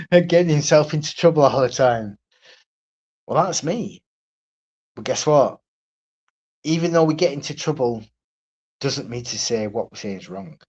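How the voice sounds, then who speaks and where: In a lo-fi recording, a man with a slightly high voice rants solo on his livestream. He's blunt and foul-mouthed, going over the same points and asking "right?" over and over.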